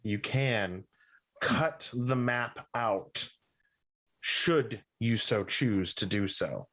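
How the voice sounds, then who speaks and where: A man's voice: lowish voice, very slow, fairly bright tone. A man narrating as game master of a tabletop game, playful and rambling, who keeps checking in with "right?".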